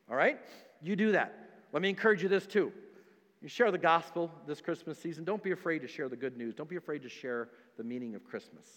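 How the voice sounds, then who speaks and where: A pastor preaching a sermon, emphatic and repetitive, dropping to quiet stretches between louder ones. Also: male voice, fairly high pitch, brisk, in a large hall. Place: church sanctuary.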